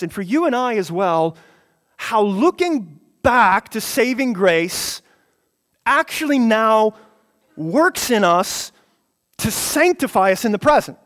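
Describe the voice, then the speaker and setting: A man's voice: high-pitched, fairly bright tone. A man preaching a sermon, emphatic, repeating phrases for stress and building to passionate peaks. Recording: long hall reverb.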